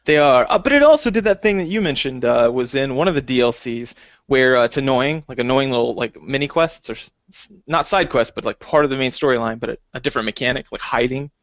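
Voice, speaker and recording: A man co-hosting a casual podcast chat, talking lively and slipping into high, exaggerated quoted voices. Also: fast, dry recording. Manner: animated, jumps into high acted quotes. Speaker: podcast co-host. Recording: dull dry lo-fi recording.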